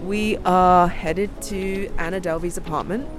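A woman co-host with a slightly low voice narrates a podcast, amused and storytelling in tone. Light music runs softly behind her. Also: steady tone, unhurried.

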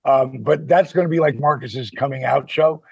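A man in his sixties co-hosting a podcast in casual chat, animated and quick to laugh. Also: mid-range voice, vocal fry, husky, no room sound, muffled recording. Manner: animated storyteller, laughs often. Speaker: podcast co-host.

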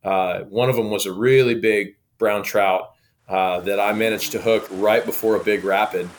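Man telling a lively fishing story. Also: lowish voice, moderate pace. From Oklahoma. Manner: lively, acts out quoted dialogue. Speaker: guest. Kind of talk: casual storytelling.

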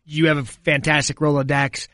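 A woman's voice: deep voice, level tone, moderate pace, fairly bright tone, no echo. Woman podcast co-host, loose and chatty, laughs a lot, close studio mic with a dry sound. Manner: chatty, laughs often, storytelling. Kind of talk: casual podcast chat.

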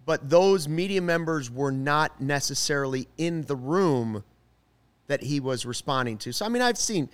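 A male podcast co-host with a fairly high voice talks sports in a casual, emphatic way. He states strong opinions and presses his points hard. He is heard close on a studio microphone. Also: animated, normal speed, clean tone.

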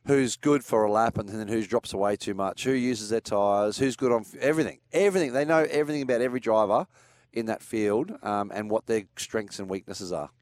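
Animated Australian man telling stories. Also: fairly low pitch, brisk. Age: older. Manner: animated storyteller, acts out quotes with laughs. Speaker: co-host, former racing driver. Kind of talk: casual chat.

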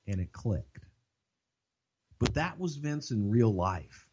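An older man, co-hosting a podcast and telling a profane, lively backstage story. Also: medium pitch, slow pace, slightly rough, muffled recording. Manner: profane, animated anecdote telling. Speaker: podcast co-host. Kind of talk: casual storytelling.

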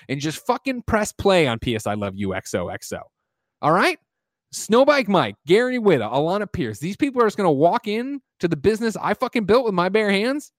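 A man hosting a gaming podcast, delivering a loud, mock-angry comic rant full of swearing. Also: medium pitch, dry recording, clean studio sound. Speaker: podcast host.

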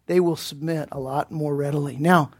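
Speaking at normal speed in a slightly high, slightly rough voice with fairly even intonation, a man preaches a sermon as pastor. He is earnest and direct, asking his listeners pointed questions and frequently restarting as he searches for words.

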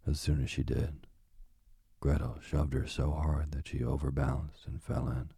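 A man reading a fairy tale aloud as a calm bedtime sleep story, slow and soothing. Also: rumbling low, gravelly, slightly rough, no echo, clean studio sound.

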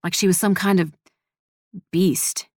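A woman's voice: lowish voice, fairly even intonation, unhurried, no room sound, studio quality. A woman narrator voicing a teenage boy who talks casually and bluntly in slang.

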